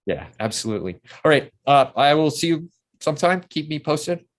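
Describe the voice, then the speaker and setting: A man's voice: fairly high pitch, very animated, normal speed. An older man, a guest in a casual interview, telling long, enthusiastic anecdotes full of restarts.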